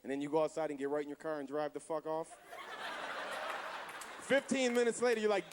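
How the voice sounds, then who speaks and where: A man's voice: on the high side, lively intonation, a little fast, pauses often. A man doing a stand-up comedy set on a club stage, brash and profane, baiting the crowd. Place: comedy club stage before a live audience. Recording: live club with audience and noise.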